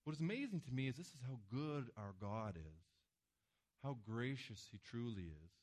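Guy pastor preaching to his church, gets loud then drops real quiet, mid-pitched voice. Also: very animated, normal speed. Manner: emphatic, dramatic swings between loud and hushed. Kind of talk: sermon with slides.

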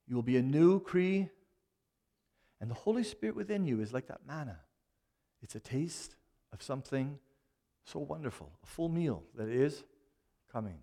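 A man preaching a sermon, animated, often dropping suddenly to a quiet voice for emphasis. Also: medium pitch. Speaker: pastor.

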